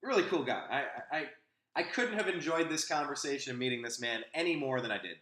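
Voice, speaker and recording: A man's voice: on the high side, animated, fast talker, pushed and bright, echoey room. A man hosting a casual opinion chat, telling a rambling anecdote with frequent restarts. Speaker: host.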